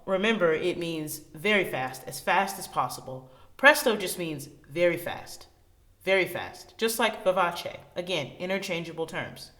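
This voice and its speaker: A woman music teacher giving a recorded lesson to children, chatty and enthusiastic, speeding up and slowing down to show tempos. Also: on the low side, a bit bright. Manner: chatty, uses everyday examples.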